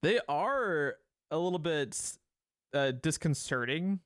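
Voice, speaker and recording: A man's voice: a little high, lively intonation, slow pace, no room sound, studio quality. A man co-hosting a podcast, chatting animatedly, swearing freely and laughing easily. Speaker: podcast co-host. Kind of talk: casual chat.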